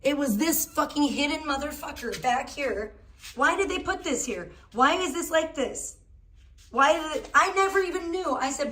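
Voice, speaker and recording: Young woman streamer rambling and cussing, kinda high voice, casual garage chat on her phone. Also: moderate pace. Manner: heavy swearing, rambling and animated. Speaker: livestream host. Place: garage at home.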